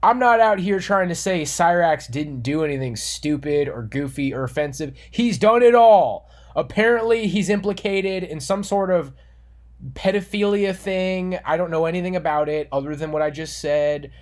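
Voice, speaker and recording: A man's voice: sits high, moderate pace. Earnest man ranting to camera. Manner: earnest, moralizing, repeats himself, restarts words. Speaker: online commentator. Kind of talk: monologue rant.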